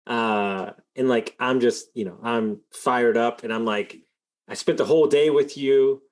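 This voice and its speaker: A man hosting a podcast, telling a story in a rambling, animated way, full of fillers and swearing. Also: medium pitch, a little slow. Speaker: podcast host. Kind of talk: casual storytelling in an interview.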